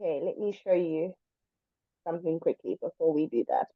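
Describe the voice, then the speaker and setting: A woman's voice: low-pitched, lively intonation, no echo, dull audio. A woman teaching an English lesson, speaking patiently and drawing words out to demonstrate them. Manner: patient, slow and deliberate, stretching words to demonstrate. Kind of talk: online language lesson.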